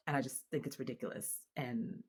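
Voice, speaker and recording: Low-voiced woman venting to camera. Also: husky. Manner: animated and exasperated, many restarts and fillers. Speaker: mother and vlogger. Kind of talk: casual venting monologue to camera.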